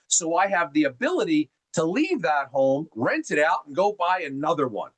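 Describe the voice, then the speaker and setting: A middle-aged man from New Jersey speaks in a fairly high voice, running a group call like an animated seminar. He is folksy and keeps calling his listeners gang. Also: normal speed, hardly any pauses, poor audio. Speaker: mortgage presenter on a group call. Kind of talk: energetic seminar talk.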